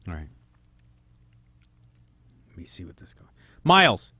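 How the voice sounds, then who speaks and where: A man's voice: on the low side, huge pitch swings, measured pace, pushed and bright, a little hiss or hum. A man hosting a call-in radio advice show, giving frank advice and firing off probing questions. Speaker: radio host.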